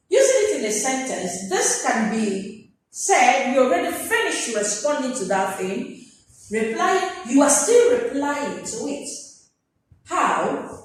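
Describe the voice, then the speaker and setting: High, lively woman teacher in an echoey room. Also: slight background noise. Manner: animated, acts out examples in sing-song voices. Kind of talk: classroom vocabulary lesson. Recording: very echoey room, mic far off.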